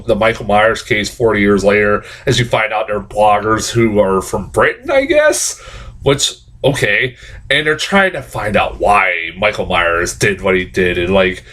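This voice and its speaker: A man's voice: a little high, fairly bright tone. A man giving a casual movie review, swearing often, laughing and rambling with many restarts.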